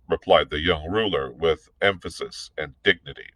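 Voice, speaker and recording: A man working as a librarian, reading a novel aloud in a measured, deliberate way with the odd small slip and restart. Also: extremely low pitch, fairly bright tone, no echo, poor audio.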